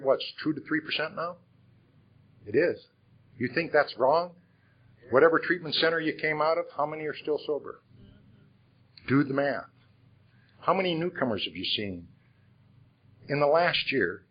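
Addressing a conference hall at a recovery conference, an older Iowa man frankly and conversationally tells his life story, sprinkling in rhetorical questions. His voice is a little high and husky, and the audio sounds dull.

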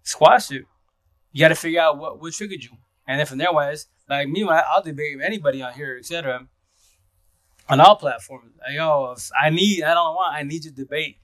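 A man hosting a casual live stream, talking fast and rambling, with restarts and repeated words. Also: on the high side, a bit bright, no echo. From Seattle area. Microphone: phone.

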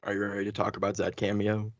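A man co-hosting a podcast, chatting casually and excitedly through a spoiler review, full of fillers and restarts. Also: on the low side, fast, no echo. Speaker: podcast co-host. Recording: dull lo-fi sound.

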